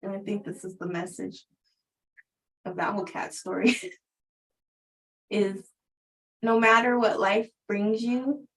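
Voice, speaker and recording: A woman's voice: mid-range voice, little pitch movement, slow, long pauses, fairly bright tone, poor audio. Chatty middle-aged woman who laughs often. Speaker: spiritual teacher. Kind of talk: casual storytelling on a livestream.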